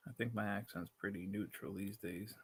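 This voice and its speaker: Spanglish-accent guy rambling on his bee livestream, gravelly and kinda husky, laptop mic. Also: on the low side, fairly even intonation, moderate pace. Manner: rambling, self-interrupting, laughs often. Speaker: livestream host. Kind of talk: casual livestream chat.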